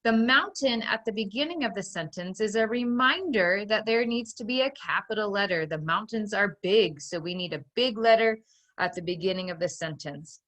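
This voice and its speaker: A woman with a bright, clear voice leads a recorded phonics lesson for young children. She guides patiently, one step at a time, and reads each sentence out slowly and distinctly so the class can follow. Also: mid-range voice, animated. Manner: slow, clearly sounding out dictated sentences. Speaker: teacher.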